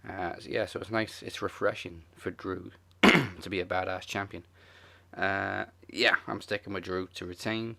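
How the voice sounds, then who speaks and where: A man's voice: low voice, steady tone, moderate pace, vocal fry, pushed and bright. A man hosting a podcast, laid-back, moving the talk along in casual chat. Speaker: podcast host.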